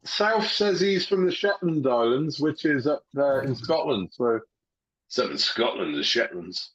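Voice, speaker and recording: A man chats in an easy, rambling way, swearing freely and joking. He talks slowly, and his voice rises and falls a lot. The sound is muffled and low in quality. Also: expressive, a bit bright, husky. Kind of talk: casual chat. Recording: dull lo-fi audio.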